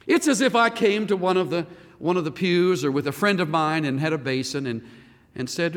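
Animated male pastor preaching a sermon. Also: on the high side, fairly quick, in a large hall. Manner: animated preaching, rhetorical questions.

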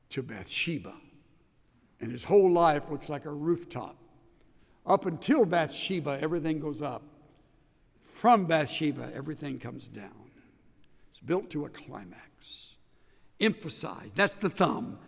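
A man teaching a Bible study class, emphatic and animated, walking his listeners through each step. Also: on the high side, gravelly, long reverb tail.

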